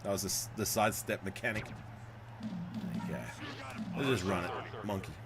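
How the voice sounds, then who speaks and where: A man streaming a football video game live, chatting with viewers and swearing and shouting at plays. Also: lowish voice, fairly even intonation, moderate pace, heavy background noise. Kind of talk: live gameplay commentary.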